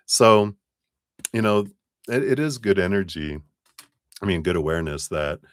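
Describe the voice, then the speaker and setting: A man with a deep voice gives a casual tarot reading on a live stream, chatting, telling stories and laughing often. The audio is studio quality with no echo.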